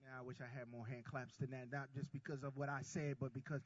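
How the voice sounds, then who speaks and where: A man preaching a sermon, swinging from soft asides to loud cries and calling the congregation y'all. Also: mid-range voice, flat delivery, fast talker, muffled recording.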